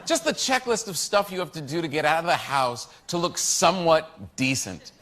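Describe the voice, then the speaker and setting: A man delivering wry observational stand-up. His voice is bright and high. It rises and falls a lot. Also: animated, normal speed. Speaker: stand-up comedian.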